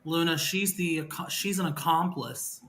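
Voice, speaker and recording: Calm questioning guy on a livestream, bright tense voice, fairly high. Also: a little hiss or hum. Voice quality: measured, questioning. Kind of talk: livestream discussion.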